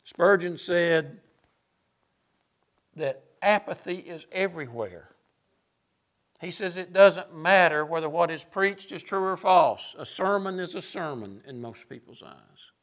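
A man's voice: on the high side, unhurried, a bit bright. A man preaching a sermon, emphatic and sarcastic, building his points through lists.

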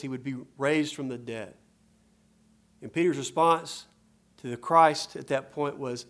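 A man preaching a sermon, moving between hushed storytelling and loud, emphatic passages as he quotes scripture. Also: mid-range voice.

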